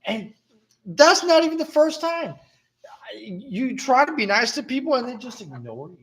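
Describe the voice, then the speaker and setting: High-voiced, blunt, swearing man. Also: big pitch swings, normal speed, a bit bright. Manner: blunt, profane, venting with heavy swearing. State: coughing now and then. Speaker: podcast co-host. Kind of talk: casual chat.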